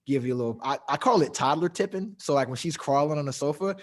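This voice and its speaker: A man's voice: fairly high pitch, fast talker. Profane, laughing man hosting a podcast. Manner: loose, profane, laughing storyteller. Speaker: podcast host. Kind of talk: casual podcast chat.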